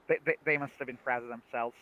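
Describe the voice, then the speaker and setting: A young man casually chatting on a livestream about a TV series, animated, laughing often and restarting his sentences. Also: medium pitch, no room sound, narrow, tinny audio. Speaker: livestream co-host.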